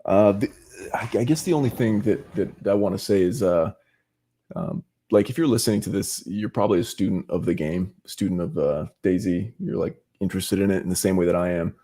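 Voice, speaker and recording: Deep, warm male guest from the United States, laid-back and sincere. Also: fairly quick. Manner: earnest, laid-back, says man and yeah a lot. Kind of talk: casual interview chat.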